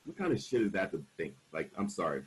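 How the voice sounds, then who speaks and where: A man's voice: sits low, big pitch swings, fast talker, slight background noise, poor audio. A man in his forties telling a personal story on a discussion panel, frank and emphatic, acting out the voices of people he quotes. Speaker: panel speaker.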